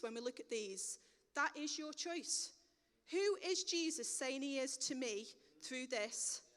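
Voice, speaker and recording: A woman's voice: sits high, a bit bright. A woman preaching a sermon in a conversational, plain-spoken way, recorded in a church hall with long reverb.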